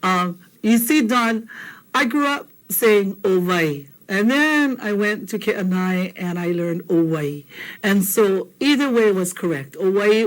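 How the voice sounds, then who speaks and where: A woman from Hawaii, teaching a casual language lesson, joking and repeating phrases slowly for learners. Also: lowish voice.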